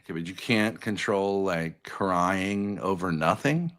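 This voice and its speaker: A man's voice: sits low, unhurried, a bit bright. A man in a heated argument on a live stream, blunt, confrontational and swearing freely.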